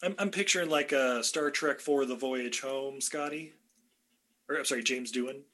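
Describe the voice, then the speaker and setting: A man's voice: mid-range voice, moderate pace, a bit bright. A man hosting a podcast in casual fan-casting chat, jokey and laughing often. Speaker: podcast host.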